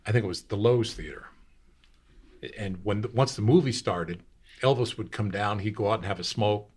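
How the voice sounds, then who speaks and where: A man's voice: lowish voice, moderate pace, darkish tone, breathy edge. A man in his sixties, a radio host, telling long rambling anecdotes in casual talk. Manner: rambling anecdotal, acts out quotes. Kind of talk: casual storytelling.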